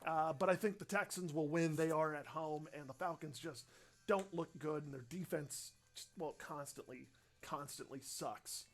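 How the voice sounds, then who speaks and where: A young man with a fairly high voice hosts a casual radio livestream from a studio. He rambles in an upbeat, chatty way while answering viewer comments. Faint music plays behind him. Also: moderate pace. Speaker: radio host. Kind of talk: casual livestream chat, reading viewer questions.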